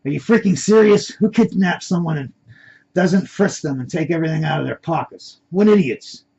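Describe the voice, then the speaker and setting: A man's voice: medium pitch, unhurried, creaky, slightly rough, full character voice. A man voicing a frightened captive chemist, muttering panicky words to himself, on a dull lo-fi recording. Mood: exasperated.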